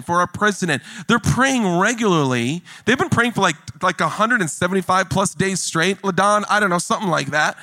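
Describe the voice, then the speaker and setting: A man preaching a sermon in a church, animated and jokey, building emphasis as he goes. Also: sits high, no room sound. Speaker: pastor.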